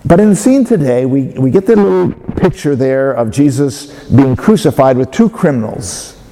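A man giving a sermon as a pastor, speaking in a measured way with hesitant fillers and restarts. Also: mid-range voice, animated, mellow, slight background noise. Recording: long hall reverb.

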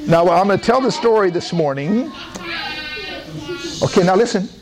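A male pastor telling a Bible story to children during a sermon, slow and coaxing, often laughing. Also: high-pitched, expressive, poor audio.

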